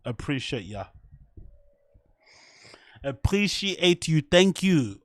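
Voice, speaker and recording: His voice is a little high, his pace moderate, and he pauses often; the recording is dry and studio quality. This young live-stream host reacts to chat and a fight with excitement, heavy swearing, frequent laughs and mock French.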